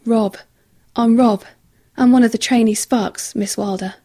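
A woman's voice: a little high, steady tone, measured pace, dark tone. A woman voicing a frantic, breathless young male crew trainee who stammers in shock. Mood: panicked.

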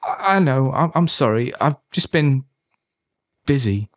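A man's voice: medium pitch, animated, a little slow, dry recording, clean studio sound, pitched above the performer's own voice, lightly acted. A man voicing a guilty, shaken teenage boy who stammers and hesitates.

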